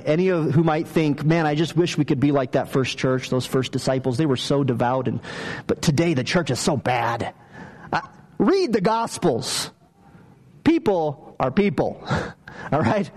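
A man's voice: fairly high pitch, a little mellow. A man preaching a conversational sermon, telling stories and asking the listeners questions. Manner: conversational, story-driven preaching with asked questions. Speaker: pastor.

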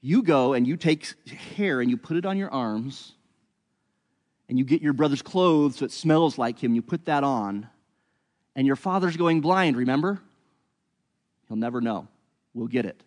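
A man's voice: mid-range voice, animated, moderate pace, pauses often, darkish tone, big-room sound, natural voice. A man voicing a determined mother who lays out a plan, talking persuasively and plainly. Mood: scheming. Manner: persuasive, planning aloud. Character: scheming determined mother, woman, middle-aged.

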